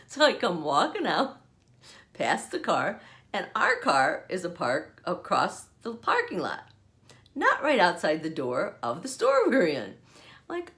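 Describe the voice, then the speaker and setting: A woman's voice: on the low side, huge pitch swings, a little slow, sharp tone. An older woman hosting her own show from home, telling a funny story casually and laughing often as she goes. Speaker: podcast host.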